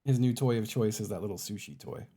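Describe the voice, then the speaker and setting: A young man streaming a game from home at a desk mic, chatting casually and cooing at his cats in a high baby voice. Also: fast, warm tone, breathy edge. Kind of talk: casual live-stream chat. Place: home room. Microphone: desk microphone.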